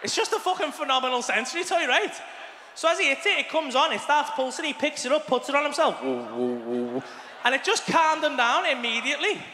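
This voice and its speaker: A man's voice: extremely high pitch, fast talker, sharp tone, slight background noise. A man doing stand-up, telling a crude story with lots of swearing and chatty asides. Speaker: stand-up comedian. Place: live comedy venue, large hall. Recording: live hall with long reverb.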